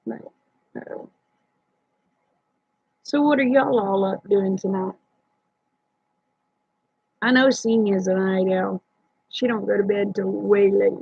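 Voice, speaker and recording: A woman chats with late-night viewers in a folksy, teasing manner. Her voice is husky with some vocal fry. The recording is dry and dull, like lo-fi stream audio. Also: medium pitch, steady tone, slow, long pauses, darkish tone, dry recording. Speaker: livestream host. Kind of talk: casual late-night livestream chat with viewers.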